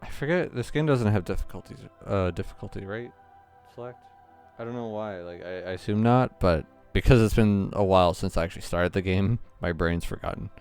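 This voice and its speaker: A man's voice: low voice, fairly quick, a little mellow, clear, resonant tone, faint music behind. A man hosting a gaming channel, giving casual, rambling play-through commentary with lots of hesitant fillers.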